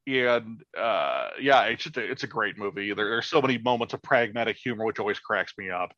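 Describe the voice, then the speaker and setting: A man's voice: fairly low pitch, expressive, brisk, bright, forceful tone, dry recording, highs cut off. A man co-hosting a casual podcast chat, talking enthusiastically and profanely, with frequent fillers and restarts. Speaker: podcast co-host.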